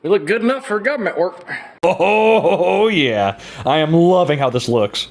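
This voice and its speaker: This man's voice is high-pitched and animated, a little slow as he casually narrates a bicycle frame build in his workshop. He's a relaxed hobby frame builder and vlogger who chuckles often and uses plenty of "uh" fillers.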